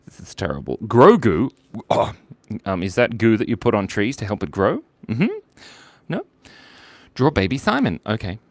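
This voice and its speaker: A man's voice: fairly low pitch, sing-song, moderate pace, long pauses, no echo. A playful man chatting casually while drawing on a live stream, reading out viewers' requests.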